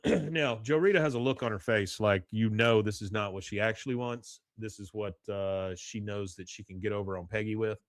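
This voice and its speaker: A man's voice: on the low side, moderate pace, dry recording, clean studio sound. A man hosting a podcast, chatting casually as he retells a cartoon episode scene by scene with laughs. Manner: animated retelling, reads out quotes with laughs. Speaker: podcast host. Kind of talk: casual chat recapping an episode.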